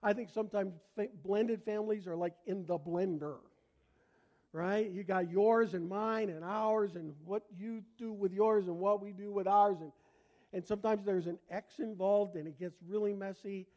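An older pastor with a Canadian accent delivers a sermon, his voice sitting high for a man. He talks conversationally, slipping in jokes and inviting the congregation to answer back. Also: steady tone, normal speed, darkish tone, muffled recording. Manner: conversational, joking, asks congregation to respond. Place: church before a congregation.

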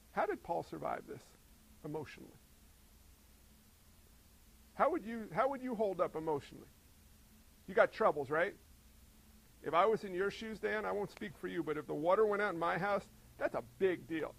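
A man preaching a sermon in an animated way, acting out voices and asking the congregation questions. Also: sits high, normal speed, creaky, long pauses, low-quality recording. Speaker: pastor.

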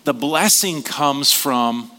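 A man's voice: mid-range voice, slow pace, bright, forceful tone. Joking, conversational male pastor preaching. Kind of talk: sermon.

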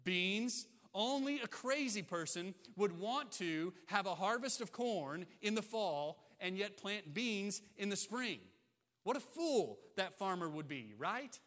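Male pastor, fairly high and bright voice, emphatic sermon delivery with repeated phrases, long hall reverb. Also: sing-song, takes it slowly.

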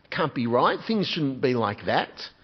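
A man's voice: mid-range voice, big pitch swings, unhurried, breathy edge, lo-fi sound. A man preaching a sermon as a pastor, earnest and putting direct questions to his congregation.

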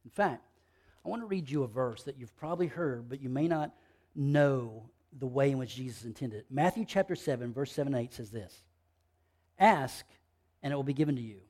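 A man preaching a sermon, moving between quiet, low passages and loud, emphatic bursts of repeated phrases. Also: expressive, a little fast. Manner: fervent, repetitive preaching. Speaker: pastor.

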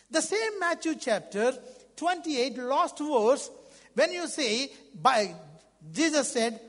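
A man preaching a sermon in English that is not his first language, fervent, swinging between loud outbursts and hushed lines. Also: very high voice, expressive, slow. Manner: non-native English phrasing. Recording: long reverb of a large hall.

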